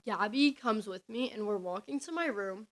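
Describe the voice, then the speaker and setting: A woman's voice: medium pitch, lively intonation, moderate pace. A young woman, telling a story on her podcast in a rambling, chatty way full of "like"s. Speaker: podcast host. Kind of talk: casual storytelling.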